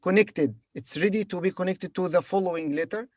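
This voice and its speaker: A man's voice: sits high, fairly quick, dry recording, clean studio sound. A man teaching Arabic to beginners, patiently sounding out each word and repeating it for his learners. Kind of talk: beginner language lesson.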